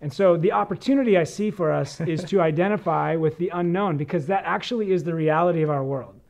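Earnest higher-voiced male pastor. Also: fast talker, vocal fry, darkish tone. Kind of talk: conversational sermon.

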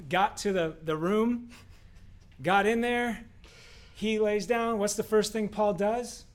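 A man co-hosting a casual faith discussion, telling a story in an animated way with rhetorical questions. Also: sits high, normal speed. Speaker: co-host.

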